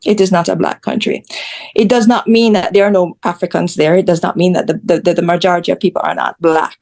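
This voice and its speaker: A woman's voice: on the low side, steady tone, fast, vocal fry, darkish tone. A woman from Jamaica, a guest telling her story in a blunt, candid way. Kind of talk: casual interview chat.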